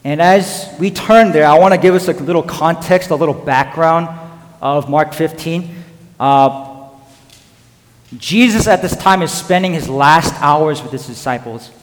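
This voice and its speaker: A pastor with a slightly high male voice preaches a sermon at a measured pace, telling the story earnestly. He acts out the voices of the people in it, and his words ring with the long reverb of a hall.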